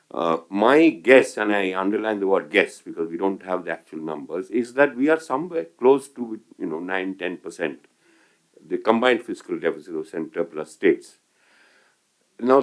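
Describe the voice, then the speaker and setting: A deep, low-pitched older man with an Indian English accent gives panel remarks. He talks in a measured way, pausing often and restarting his sentences. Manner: measured, many hesitations and restarts. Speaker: economist panelist.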